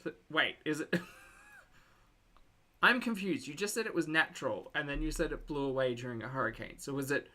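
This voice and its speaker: A woman's voice: deep voice, animated, normal speed, sharp tone. A woman streamer in casual, wry commentary, laughing often as she reacts to videos and reads chat.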